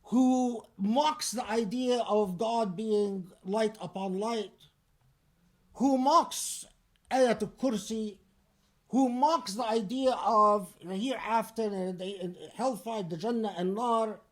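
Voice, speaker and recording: A man preaching a Friday sermon in a deliberate, emphatic and pointed way. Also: high voice.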